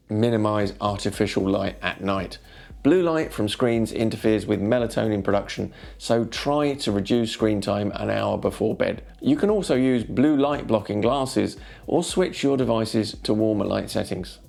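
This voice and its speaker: A man giving scripted narration for a wellness video, calmly counting off tips in an instructive way. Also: fairly low pitch, moderate pace, creaky.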